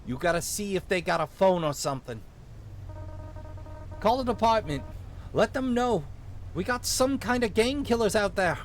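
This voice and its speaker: An exasperated small-town police chief , played by a man talks in a put-on Minnesotan accent, pitched higher and swinging all over. He barks hurried orders and complains about his shift. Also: expressive, slight background noise. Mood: alarmed. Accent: put-on vaguely Minnesotan.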